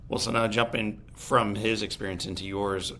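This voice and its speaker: A man's voice: lowish voice, fairly even intonation, moderate pace, a little hiss or hum. A man hosting an interview podcast, asking careful, clarifying questions. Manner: careful, clarifying, gently probing.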